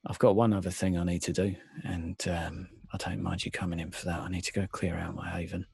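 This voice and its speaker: A man playing his character in a tabletop game, gruff and hesitant. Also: low voice, level tone, brisk, darkish tone. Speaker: player. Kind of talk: in-character tabletop role-play.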